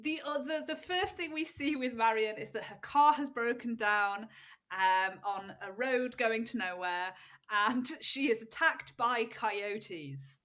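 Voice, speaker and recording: A woman's voice: on the high side, measured pace. A woman co-hosting a book club podcast, chatting casually, giggling and reading passages aloud. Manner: giggly, animated, reads quotes aloud. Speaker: podcast co-host.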